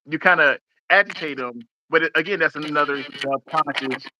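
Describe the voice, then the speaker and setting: A man hosting a casual podcast chat, talking fast and excitedly, often repeating words as he restarts. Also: mid-range voice, no echo, rough recording. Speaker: podcast host.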